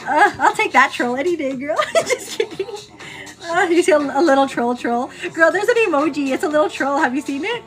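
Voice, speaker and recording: A high-voiced woman hosts a morning get-ready livestream, talking fast and animatedly with few pauses. Chatty and constantly calling viewers "girl," she laughs often, teasing before turning earnest.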